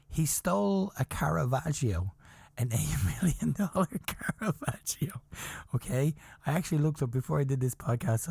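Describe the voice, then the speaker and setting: A man hosting a podcast, telling a story in a casual, animated way, chuckling often, swearing, and insisting that it is true. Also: medium pitch, no echo, clean studio sound. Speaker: podcast host.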